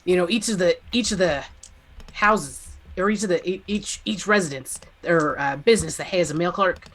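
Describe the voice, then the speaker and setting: A woman running a tabletop game as game master, narrating in a relaxed, hesitant way. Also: lowish voice, moderate pace.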